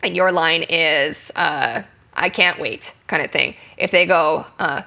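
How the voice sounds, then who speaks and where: A young adult actress chatting in an interview, explaining acting with frequent ums and likes and acting out example lines. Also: female voice, lowish voice, normal speed, sharp tone. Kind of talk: candid interview conversation.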